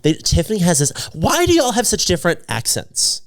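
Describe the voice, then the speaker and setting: A man's voice: high voice, huge pitch swings, fairly quick, no room sound. A man co-hosting a podcast, teasing his co-host, laughing often and asking prodding questions. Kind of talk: casual chat.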